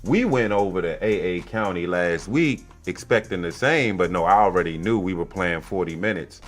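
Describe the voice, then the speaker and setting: A man hosting a casual podcast monologue, a youth basketball coach telling stories in a blunt, profane, animated way. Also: low voice, normal speed, faint music behind.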